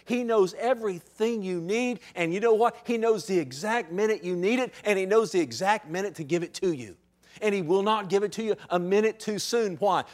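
Casting: thirties male pastor, slightly high voice, chatty sermon that turns emphatic. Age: 30s. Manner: conversational, building to emphatic.

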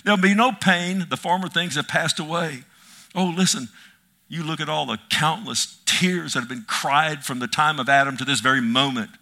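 A middle-aged male preacher delivering an impassioned sermon, swinging from loud cries to hushed near-whispers. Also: a little high, normal speed, vocal fry.

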